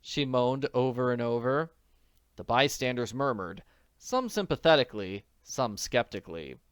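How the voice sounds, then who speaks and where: A man reading a classic mystery novel aloud as an audiobook narrator, expressive and animated. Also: mid-range voice, moderate pace, clear, resonant tone, no echo.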